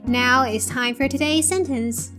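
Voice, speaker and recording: Young woman teaching pronunciation, slow and careful, a bit high, spells stuff out letter by letter. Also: music in the background. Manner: repeats each sound twice for the learner. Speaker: English teacher. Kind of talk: English pronunciation lesson.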